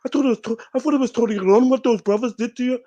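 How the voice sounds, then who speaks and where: A man's voice: very fast, dark tone, dull audio. A man doing an eager apologetic young fan. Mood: ingratiating. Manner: eager, ingratiating, higher-pitched put-on accent.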